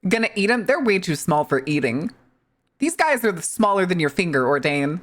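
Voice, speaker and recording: A woman's voice: lowish voice, wildly swooping pitch, moderate pace. A woman streamer from the US Midwest, chatting casually and joking with her live chat, swearing freely as she talks.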